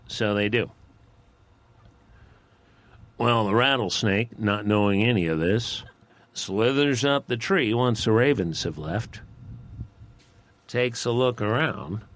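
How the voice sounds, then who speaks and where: Folksy, unhurried campfire storyteller man. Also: on the low side, expressive, fairly bright tone. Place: outdoors in the desert at a campfire. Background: faint outdoor ambience.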